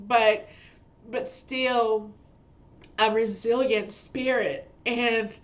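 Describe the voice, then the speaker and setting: A woman's voice: fairly high pitch, fairly bright tone. A woman speaking as a guest on a podcast, pouring out a heartfelt personal story. She laughs often between phrases and keeps restarting words as she reflects. Her talk is loose and conversational. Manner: frequent laughter while talking; repeats and restarts words, stumbling over phrases. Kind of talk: conversational interview.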